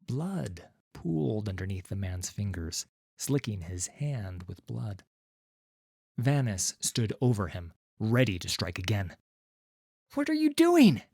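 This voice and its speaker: Slow, measured male audiobook narrator. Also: fairly low pitch, animated, gravelly, a little mellow, slightly rough, no room sound, clean studio sound. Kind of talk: scripted narration.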